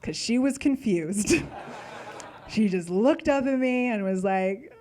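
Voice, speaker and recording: A woman's voice: a little high, lively intonation, slow pace, mellow. A young adult woman performing a stand-up comedy set, talking in a chatty way full of "like" fillers.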